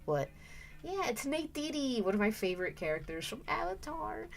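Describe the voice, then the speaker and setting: A woman's voice: a little high, big pitch swings, moderate pace. A woman streamer chatting casually with viewers while she draws, giggling often and trailing off into restarts mid-thought. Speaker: streamer drawing live. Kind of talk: casual livestream chat while drawing. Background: faint background music.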